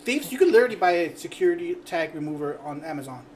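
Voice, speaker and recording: A man hosting a podcast, telling an animated work story with swearing and bursts of laughter. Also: a little high, fast talker, slight background noise. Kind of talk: casual chat.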